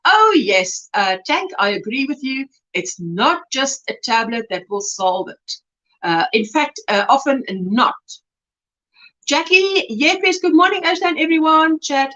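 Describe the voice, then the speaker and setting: A woman hosting a crochet livestream, chatting casually, warmly reading out viewer comments and exclaiming over their work. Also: high-pitched. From South Africa. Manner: effusive, reads chat aloud with exclamations and laughs. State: recovering from throat swelling. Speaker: livestream host. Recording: dull lo-fi livestream audio.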